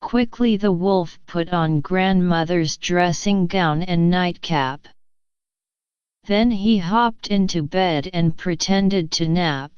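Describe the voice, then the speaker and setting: A woman reading a bedtime fairy tale aloud in a gentle, expressive way. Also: on the low side, slow pace, clean tone, dry recording, muffled recording. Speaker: storyteller.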